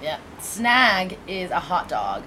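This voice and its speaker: A woman with an American accent, co-hosting a casual podcast, expressive and teasing and quick to laugh. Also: lowish voice, a little hiss or hum, poor audio. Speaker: podcast co-host. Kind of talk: casual banter.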